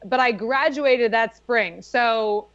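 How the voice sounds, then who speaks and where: A woman's voice: a little high, takes it slowly, a bit bright, no room sound. A young adult woman as a podcast guest, casually telling a story, chatty and full of "like", often laughing as she talks. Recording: dull lo-fi.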